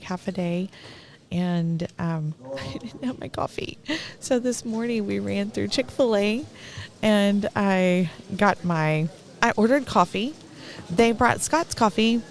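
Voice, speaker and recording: A woman's voice: medium pitch, vocal fry. A middle-aged woman with a Texan accent giving rambling, talkative live commentary at an event, laughing between thoughts.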